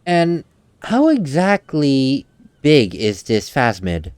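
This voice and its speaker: A man's voice: medium pitch, wildly swooping pitch, slow, a little mellow, smooth, no echo. A young man playing a video game, chatting and giggling while reading lines aloud. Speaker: let's play gamer. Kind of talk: casual game commentary.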